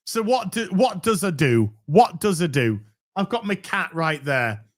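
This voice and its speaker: This middle-aged livestream host has a high-pitched, very animated voice and speaks a little slowly. Chatting loosely with his audience, he curses a lot and often starts phrases over.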